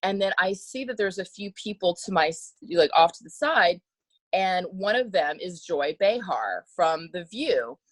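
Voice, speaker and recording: A woman guest telling a story in a casual interview, animated and laughing often, acting out the voices of others, with many filler words. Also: fairly low pitch, a little slow, dry recording, rough recording. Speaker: podcast guest.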